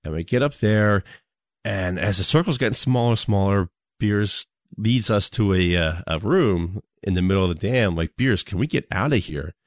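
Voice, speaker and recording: A man co-hosting a casual podcast, telling stories in a relaxed way and chuckling often. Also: lowish voice, moderate pace, no echo, clean studio sound. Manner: laid-back storyteller, chuckles often. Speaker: podcast co-host.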